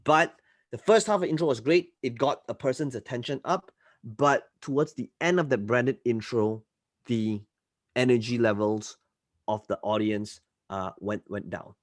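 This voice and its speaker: A man coaching a live online class, often checking in with listeners and swinging between loud and soft delivery. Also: mid-range voice, moderate pace, no room sound, studio quality. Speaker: marketing coach.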